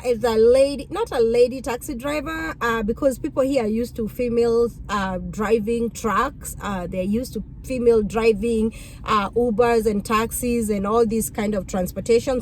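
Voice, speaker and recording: Recorded in low quality with a little hiss or hum, a woman from Kenya in her thirties talks about her rideshare driving job in a casual, chatty way, speaking with a Kenyan accent and mimicking passengers' questions in a higher voice.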